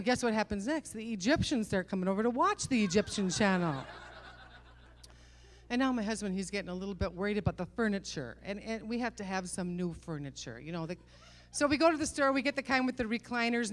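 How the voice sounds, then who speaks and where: Performing stand-up, a middle-aged woman speaks in a mid-range, expressive voice. Her delivery is punchy and self-mocking, sprinkled with fast asides aimed at the crowd.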